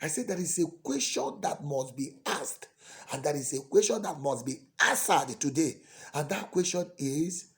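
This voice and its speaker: A man preaches a sermon as a priest. His voice moves through a wide, animated range of pitch. He shifts dramatically between soft, pleading lines and loud, impassioned ones.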